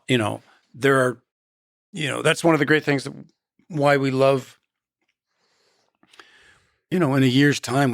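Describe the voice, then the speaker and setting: A man with a gravelly, husky voice talks slowly through his thoughts as an interview guest, circling back and restarting phrases before he lands on a point. The sound is close and dry, with no room around it. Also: mid-range voice, no echo. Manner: measured, storytelling, restarts phrases. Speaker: actor and guest. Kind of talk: reflective interview talk.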